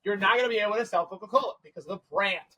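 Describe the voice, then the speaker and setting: Man, podcast guest, lively storyteller, fairly high voice, acts out the dialogue. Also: poor audio. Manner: animated storyteller acting out quoted dialogue; fast, run-on phrasing with restarts. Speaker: tech company CEO, podcast guest. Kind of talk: storytelling in a casual podcast interview.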